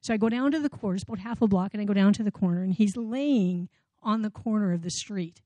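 Warm-voiced woman telling stories. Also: mid-range voice, fast, dry recording. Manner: animated storyteller, many fillers and restarts. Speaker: speaker at a community ministry event. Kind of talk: personal storytelling talk. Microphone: microphone.

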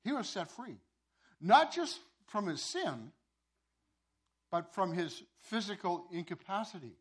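A pastor telling a sermon story, with many repeated words and restarts. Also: male voice, high-pitched, very animated, a little slow, breathy edge.

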